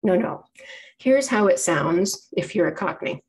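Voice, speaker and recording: A woman's voice: lowish voice, lively intonation, unhurried, a little mellow. A woman giving an informal public lecture, chatty and explanatory, often correcting herself mid-sentence. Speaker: library program presenter.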